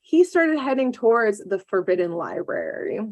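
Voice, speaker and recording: A woman's voice: mid-range voice, normal speed, highs cut off. A woman hosting a podcast, casually recapping a cartoon episode and acting out the characters, with lots of "like" fillers. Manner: animated storyteller acting out characters with many "like" fillers. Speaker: podcast host.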